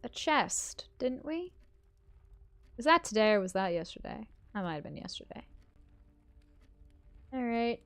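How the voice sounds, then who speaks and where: A woman's voice: on the high side, big pitch swings, unhurried, creaky, pauses often. A young woman streaming a video game, thinking aloud in a chatty, self-mocking way. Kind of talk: casual gameplay commentary.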